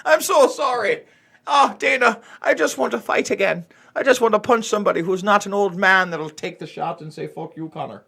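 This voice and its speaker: A man's voice: sits high, moderate pace, vocal fry, bright, forceful tone, breathy edge, pitched above the performer's own voice, exaggerated voice. A man putting on a brash young Irish male fighter, mocking and swaggering with profanity. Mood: fake apology.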